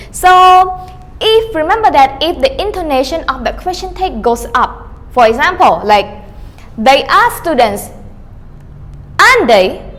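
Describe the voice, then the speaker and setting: A woman's voice: high-pitched, a bit bright, big-room sound. A woman teaching an online English grammar lesson, filling her sentences with "okay" and acting out rising and falling question tags. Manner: repeats "okay" often, calls herself teacher; models question-tag intonation with rising and falling tones.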